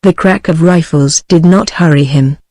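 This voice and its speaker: A woman's voice: low voice, moderate pace, no echo, low-quality recording. British synthetic woman reading a novel. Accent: British English. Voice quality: even synthetic text-to-speech delivery. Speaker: audiobook narrator. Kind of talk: scripted novel narration.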